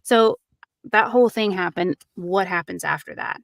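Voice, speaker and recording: A woman's voice: on the low side, moderate pace, creaky, no room sound. Chatty woman recounting a crime case. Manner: animated retelling with acted quotes and many fillers. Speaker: true crime podcast host. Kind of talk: casual true crime storytelling.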